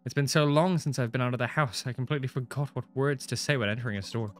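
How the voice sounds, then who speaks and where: A man's voice: mid-range voice, fast talker, soft background music. Young man reading a visual novel aloud. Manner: casual, swears often, laughs between lines. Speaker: gaming streamer.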